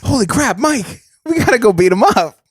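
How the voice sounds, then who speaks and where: A man's voice: extremely high pitch, big pitch swings, moderate pace, breathy edge, no echo, clean studio sound, voice pushed up, full character voice. A man doing a blustering tough guy. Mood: pumped. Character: brash, hot-headed male movie star from Boston.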